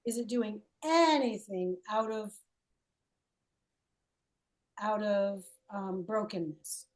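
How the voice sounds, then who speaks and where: A woman's voice: medium pitch, slow pace, darkish tone. A woman leading a healing coaching call, playful and encouraging, asking leading questions.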